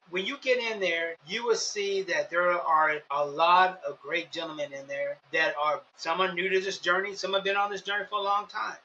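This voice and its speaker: A man's voice: high-pitched, pushed and bright, dull audio, a little hiss or hum. A man hosting a podcast, giving earnest, repetitive, preacher-like advice on communication. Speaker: podcast host. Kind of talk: motivational podcast talk.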